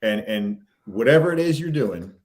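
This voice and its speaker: A man's voice: fairly low pitch, expressive, moderate pace, a little mellow. A man co-hosting a casual chat, retelling stories animatedly with many fillers. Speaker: podcast co-host.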